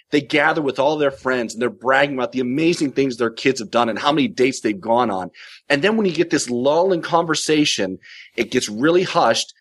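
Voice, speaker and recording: A man's voice: on the high side, husky. A man on a podcast panel telling a long, heated story in a casual, ranting way. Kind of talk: casual chat.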